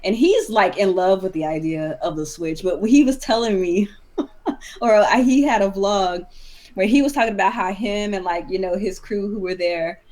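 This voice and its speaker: A woman's voice: mid-range voice, normal speed, darkish tone. Woman running a chill online chat, laughs a lot, mid voice. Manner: chatty, laughs easily. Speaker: host. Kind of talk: casual group chat.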